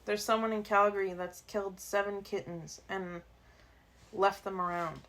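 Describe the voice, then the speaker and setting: Woman, podcast co-host, relaxed rambling storytelling, mid pitch. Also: moderate pace. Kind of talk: casual storytelling chat.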